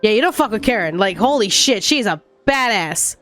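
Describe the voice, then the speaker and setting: A woman streamer giving casual, foul-mouthed commentary while playing a game, animated and arguing with the characters. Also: medium pitch, moderate pace, faint music behind. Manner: animated, profane, argues with the characters.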